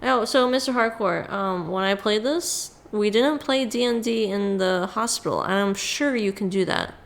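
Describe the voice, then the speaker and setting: A woman streamer casually chatting through a game, sarcastic and quick to swear. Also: mid-range voice, gravelly. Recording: music playing loudly behind.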